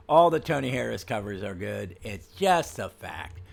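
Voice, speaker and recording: A man's voice: mid-range voice, animated, unhurried, creaky. A man hosting a casual comic book podcast, chatty, with frequent ums and restarts. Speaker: podcast host.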